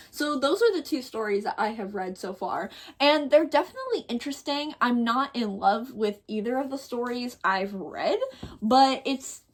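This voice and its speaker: Young woman, book vlogger, casual chat, gushing, enthusiastic, slightly high voice. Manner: gushing, enthusiastic, chatty with fillers. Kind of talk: casual reading vlog chat.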